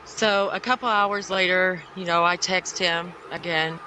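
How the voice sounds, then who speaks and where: A middle-aged woman, a podcast guest, telling a personal story in a halting, grief-stricken way with many pauses. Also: lowish voice, fairly even intonation, pushed and bright, a little hiss or hum, poor audio.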